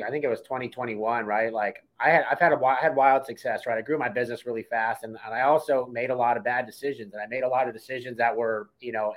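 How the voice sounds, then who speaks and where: A man telling his story in a casual, brash way, with plenty of swearing. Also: mid-range voice. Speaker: co-host. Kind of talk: casual chat.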